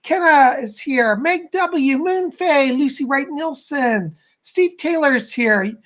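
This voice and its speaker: A man's voice: extremely high pitch, expressive, slow, a bit bright. A man hosting a psychic live stream, chatting casually and bubbling over as he greets viewers by name and reads their comments.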